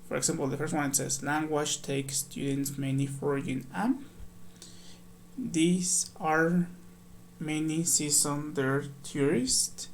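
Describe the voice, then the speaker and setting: Gravelly male English teacher. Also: a little high, slow pace, a little hiss or hum. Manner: patient, explains step by step, reads examples aloud. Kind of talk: recorded workbook walkthrough.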